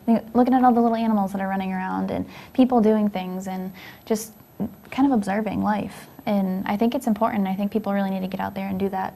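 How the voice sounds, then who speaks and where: A woman's voice: mid-range voice, gravelly, dark tone. A young woman co-hosting a casual talk show, chatting in a reflective, easygoing way. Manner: chatty, reflective, laughs easily. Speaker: co-host. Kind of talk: casual chat.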